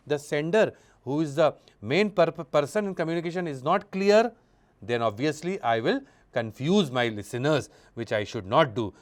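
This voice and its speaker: A man giving a classroom lecture, expressive, shifting his pitch and loudness for emphasis and often repeating words and using fillers. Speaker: college lecturer.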